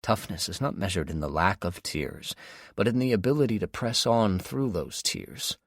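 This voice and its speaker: A man voicing a loving, wise father who gently and earnestly comforts his grown son, in an audiobook. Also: low-pitched, animated, moderate pace, no room sound, clean studio sound. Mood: tender.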